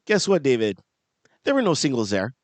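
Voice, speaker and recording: Lively, chatty man telling a rambling story. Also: mid-range voice, brisk, dry recording. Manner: rambling, laughs often, swears casually. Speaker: podcast co-host. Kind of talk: casual chat.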